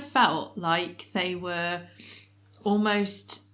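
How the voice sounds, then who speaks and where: A woman co-hosting a podcast in casual chat, emotional and teary, talking haltingly with many fillers. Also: on the low side, fairly even intonation, a bit bright. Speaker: podcast co-host.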